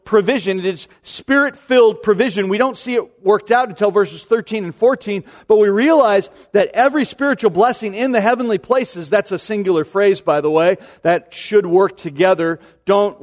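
Man preaching, high-pitched, conversational sermon, rhetorical questions, restarts, forties. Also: normal speed, few pauses, long reverb tail. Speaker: pastor.

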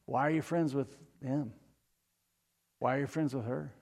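A man preaching a sermon, retelling a story with lively asides to the congregation. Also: medium pitch, normal speed, gravelly, big-room sound.

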